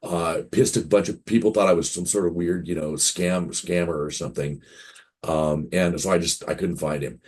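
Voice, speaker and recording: Deep and a little mellow with a breathy edge, the voice belongs to a man in his fifties who publishes games. He's a guest in a casual interview, wandering through stories and performing the lines of the people he quotes.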